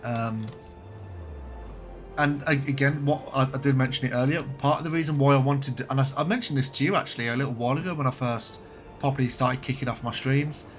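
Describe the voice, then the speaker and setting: During a live game stream, a man with a light Birmingham accent chats casually, dropping the odd swear word. He's from Birmingham, England, and speaks a little fast in a mid-range voice. Faint music plays behind him.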